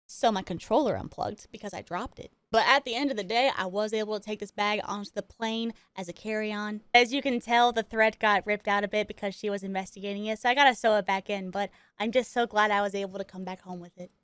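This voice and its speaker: A woman gaming creator telling a story in casual chat while she plays, animated and excitable, with chatty asides and frequent laughs. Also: medium pitch, quick pace, few pauses, clear, resonant tone, no room sound. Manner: chatty, self-interrupting asides.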